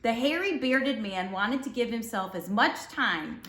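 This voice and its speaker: A woman teacher reading a storybook aloud to children, expressive and gentle, in a roomy recording. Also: on the high side, a little slow. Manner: expressive and warm toward children. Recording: roomy echo.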